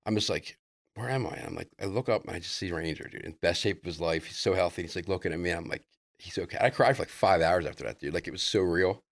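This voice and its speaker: A man telling a rambling personal story as a podcast guest in casual chat, loose and excitable, full of "like" and "dude". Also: deep voice, fast talker, hardly any pauses, no echo, clean studio sound.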